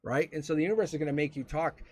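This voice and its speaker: A man's voice: on the high side, rapid-fire, a little mellow, slight background noise. A man giving a live-streamed tarot reading, motivational and repetitive, swearing casually as he talks. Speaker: tarot reader.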